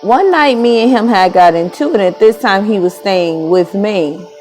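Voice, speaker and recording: A woman's voice: mid-range voice, lively intonation, moderate pace, a little mellow, faint music behind, poor audio. A woman in her thirties casually telling a personal story, rambling and correcting herself as she goes. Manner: rambling, self-correcting, candid. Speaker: vlogger.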